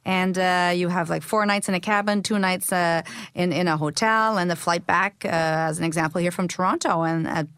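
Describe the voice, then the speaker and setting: A woman's voice: on the low side, steady tone, moderate pace, a bit bright, clean tone, dry recording. Chatty woman with a Québécois French accent. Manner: chatty, many fillers and restarts. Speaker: rail company representative. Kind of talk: casual radio interview.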